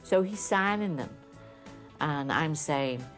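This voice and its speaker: An older woman recalls her past in an interview, acting out the voices in her stories. Her voice sits low. Soft music plays faintly behind her. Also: slow pace. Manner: lively storyteller, acts out quotes. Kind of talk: reminiscing interview.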